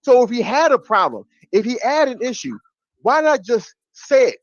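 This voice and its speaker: A stream panelist with an extremely high-pitched male voice rants animatedly in casual livestream chat, speaking briskly and laughing between lines. His talk is full of restarts and sudden bursts. The audio is muffled and lo-fi, with no echo.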